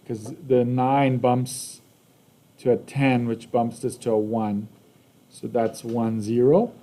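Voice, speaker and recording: A man's voice: mid-range voice, dark tone. A man with a Canadian accent teaching a math lesson casually, often checking in with "right?" and "okay?".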